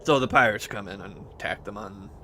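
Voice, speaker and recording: A man's voice: on the low side, a little fast, noisy background. A man recapping his tabletop campaign as game master, rambling and hesitant with many fillers and restarts.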